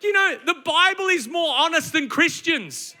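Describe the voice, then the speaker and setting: A man preaching a sermon, emphatic and conversational, slipping into quick acted asides. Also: extremely high pitch, animated, pushed and bright.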